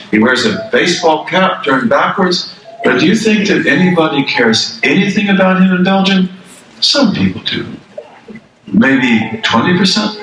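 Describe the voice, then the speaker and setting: A man's voice: fairly high pitch, fairly bright tone, far from the mic. Older man, religious lecture, conversational, repeats for emphasis, roomy hall, faint background hum. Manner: conversational, repeats phrases for emphasis, asks the audience questions. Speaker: Islamic scholar and lecturer. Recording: echoey room, speaker away from the mic.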